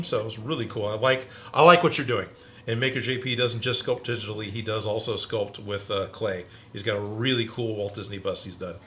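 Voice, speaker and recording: A man's voice: mid-range voice, sharp tone, slight background noise. A man hosting a casual maker livestream from his workshop, chatting and reading out viewer comments.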